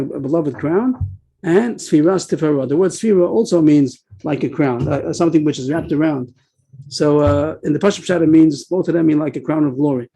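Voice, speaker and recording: A man teaching a Talmud class over a video call, rattling off the text quickly and then explaining it with many pauses and fillers. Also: on the high side, dark tone, breathy edge, poor audio.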